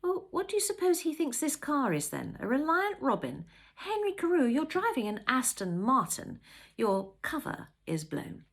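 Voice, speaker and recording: An earnest, excitable middle-aged wife whose voice leaps high when she gets keen, as a woman reads her in a storybook. She talks with lively, swinging pitch. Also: normal speed, vocal fry, breathy edge, exaggerated voice. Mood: eager. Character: wealthy middle-aged wife, eager and pleading.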